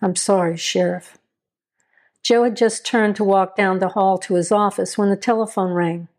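A woman's voice: mid-range voice, steady tone, moderate pace, a little mellow. Woman narrating a crime story.

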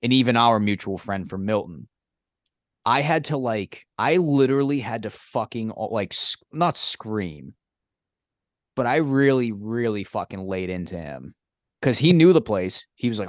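A man's voice: fairly low pitch, normal speed, no echo, clean studio sound. A young man, co-hosting a casual podcast, telling stories profanely and acting out exasperated quotes. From Massachusetts. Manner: animated, profane storytelling with mock-incredulous quotes. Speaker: podcast co-host. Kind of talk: casual chat.

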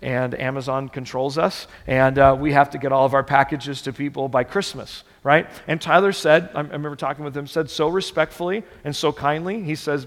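A man's voice: fairly high pitch, steady tone, a little fast, few pauses. A male pastor preaching a sermon, earnest and direct, often repeating words for emphasis. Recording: long reverb of a church hall.

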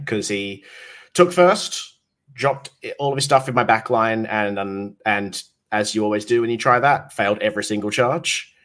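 A man's voice: on the low side, fairly bright tone. A man co-hosting a casual gaming podcast, recapping his games in an easygoing way with plenty of fillers. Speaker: podcast co-host.

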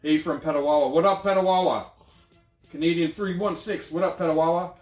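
A man hosting a casual movie review podcast, rambling and excitable. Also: fairly high pitch, brisk, echoey room, faint music behind. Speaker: podcast host.

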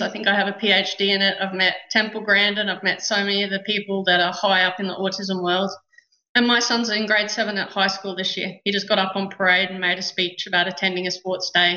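An Australian woman in middle age speaks earnestly and warmly about her own life, her tone bright and forward. The room is echoey and the recording is dull and lo-fi, with the top end missing. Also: medium pitch, little pitch movement, a little fast. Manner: earnest, heartfelt storytelling. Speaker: guest. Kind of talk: personal story in a podcast interview.

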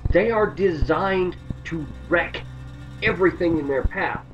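Man, casual gaming chat, rambling, theatrical mock panic, off-mic, clear music behind. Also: a little high, unhurried, far from the mic, muffled recording. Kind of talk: casual chat about games and lore.

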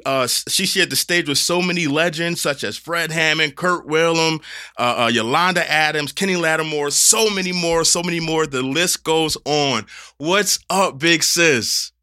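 A young adult man hosting an interview podcast, animated and laughing often, then soft and emotional when he speaks of his friend. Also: a little high, dry recording, studio quality. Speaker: podcast host. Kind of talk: warm conversational interview.

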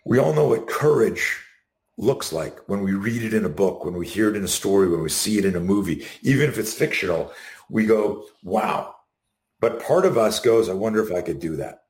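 A middle-aged man speaks in a low register, telling a story with lively, acted-out quotes. His voice carries a noticeable room echo, as if recorded in an open space. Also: brisk. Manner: animated storytelling, acting out quotes. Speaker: guest. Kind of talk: casual interview. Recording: roomy echo.

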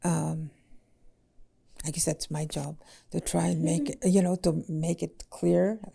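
Woman language teacher, very gravelly, dark voice, halting with "eh?" tags. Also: low voice, fairly even intonation. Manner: halting, many fillers and "eh?" tags. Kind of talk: casual podcast conversation.

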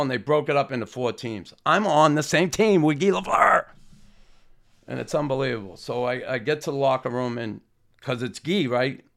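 Gravelly man telling stories. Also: medium pitch. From Boston area. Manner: animated, acts out quotes. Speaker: former hockey player. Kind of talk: anecdotal storytelling.

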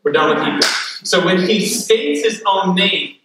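A male pastor preaching a sermon with lively energy, drawing the congregation in to repeat after him and tossing in joking asides. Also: sits high, normal speed, noisy background. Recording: echoey hall from far off.

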